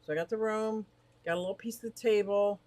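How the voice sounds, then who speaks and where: A woman's voice: medium pitch, steady tone, a little mellow. A middle-aged woman hosting a casual livestream from beside her fish tank, chatting in a bubbly, rambling way and reading out viewer comments. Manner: bubbly, rambling, quick to laugh. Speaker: livestream host of an aquarium shop.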